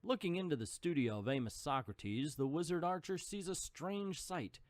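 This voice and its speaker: A man's voice: a little high, lively intonation, normal speed, no echo, studio quality. A man reading an old comic book aloud and adding jokey asides. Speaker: comic book reader and commentator.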